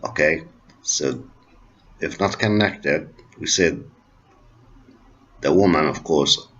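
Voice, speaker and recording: A man with Arabic as his first language, giving a university linguistics lecture in a slow, repetitive explaining manner and switching into Arabic at times. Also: rumbling low, a bit bright, husky. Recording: dull lo-fi recording.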